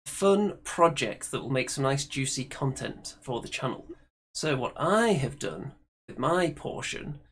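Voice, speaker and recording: A man hosting a relaxed chat show, with a middling voice. He introduces the segments in a chatty, easygoing way, with a faint hiss behind him. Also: mid-range voice. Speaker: host. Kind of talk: casual chat.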